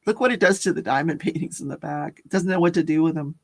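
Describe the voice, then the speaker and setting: Giggly gravelly woman chatting on a livestream. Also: low voice, quick pace, darkish tone. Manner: giggly, chatty, reads out viewer comments. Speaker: livestream host. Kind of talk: casual live-stream chat.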